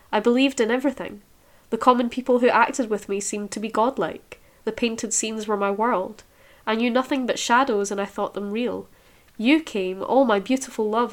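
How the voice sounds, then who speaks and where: A woman's voice: mid-range voice, close to an everyday voice. A woman reading as a rapturous young actress. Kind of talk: reading a novel aloud.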